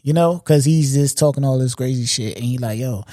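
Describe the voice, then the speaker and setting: A man's voice: medium pitch, moderate pace, few pauses, dark tone, no room sound, clean studio sound. A man hosting a podcast in casual commentary, talking in loose profane slang and checking in with the listener often. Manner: loose, profane street slang, frequent "you know what I'm saying". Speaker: podcast host.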